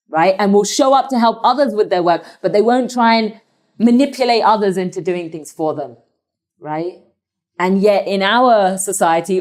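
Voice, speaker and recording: Woman activist, animated storyteller, emphatic, mid-pitch voice. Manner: animated, acts out characters, emphatic. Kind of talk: storytelling talk. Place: Orlando, Florida.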